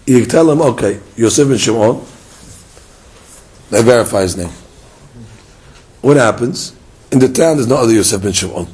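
A man's voice: medium pitch, brisk, pauses often, breathy edge, rough recording. A man teaching a Talmud lesson, acting out little dialogues and firing rhetorical questions at his listeners. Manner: lively, acts out dialogue and fires rhetorical questions.

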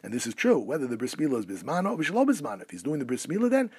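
A man's voice: mid-range voice, very animated, rapid-fire, darkish tone, breathy edge, no echo. A man teaching a class on Jewish law, reading rabbinic phrases aloud and then translating them. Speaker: Torah teacher.

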